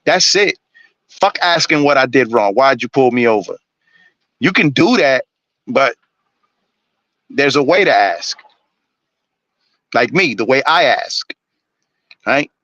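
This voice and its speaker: A man's voice: medium pitch, lively intonation, takes it slowly, long pauses, sharp tone, no room sound, lo-fi sound. A man ranting on a live stream, blunt and preachy, swearing constantly. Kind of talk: profane ranting monologue.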